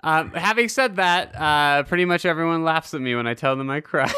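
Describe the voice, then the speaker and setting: A man's voice: fairly high pitch, moderate pace, sharp tone, clear, resonant tone. A man from Utah hosting a casual podcast chat, telling rambling self-deprecating stories and swearing casually. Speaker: podcast host.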